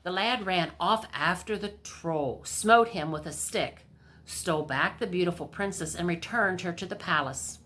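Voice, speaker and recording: Expressive woman reading a storybook. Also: lowish voice, normal speed. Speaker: library storytime reader.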